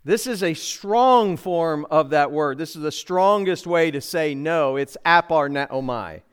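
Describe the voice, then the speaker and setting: A man's voice: a little high, expressive, unhurried, clear, resonant tone. A middle-aged man preaching a sermon in a church, emphatic, asking the congregation rhetorical questions. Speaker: pastor. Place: church sanctuary.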